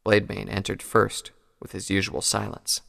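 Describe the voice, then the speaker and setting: Male storybook narrator, measured delivery, gravelly tone, long reverb. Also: lowish voice, completely flat delivery, a bit bright. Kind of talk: audiobook reading of fan fiction.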